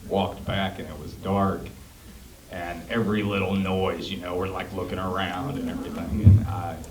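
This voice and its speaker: A man's voice: sits low, level tone, normal speed, very noisy. A man in the audience asking an earnest, emotional question. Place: theater. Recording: distant mic, roomy theater.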